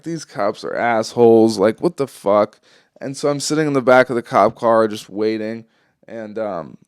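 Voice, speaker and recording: A young podcast host tells a long story in a rambling, casual way, packed with swearing and ums. His mid-range voice is clear and resonant, recorded with clean studio sound and no room sound.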